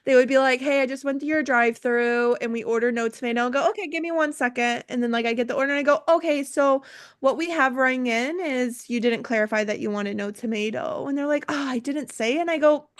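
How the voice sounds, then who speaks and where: A woman's voice: sits high, a little fast. A young woman who manages a restaurant, telling stories in a casual group chat and acting out both sides of the exchanges. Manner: animated storyteller acting out exchanges.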